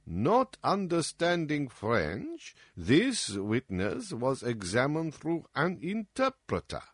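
A man voicing a calm, analytical male detective who lays out his reasoning in a measured, lecturing way, as in an audiobook. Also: medium pitch, slightly rough, no echo, studio quality, full character voice. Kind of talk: audiobook character reading.

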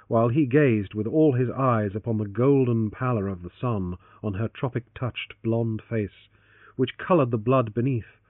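A man's voice: lowish voice, no echo. Man narrating a story over a tinny line. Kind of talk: scripted audiobook narration. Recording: tinny phone-like, dry.

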